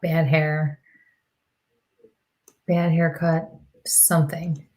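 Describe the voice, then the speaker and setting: A woman with a fairly low voice gives a psychic reading on a live stream. She talks haltingly, pausing and drifting into soft murmured repeats. She feels hot and clammy. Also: little pitch movement, poor audio. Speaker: medium, co-host.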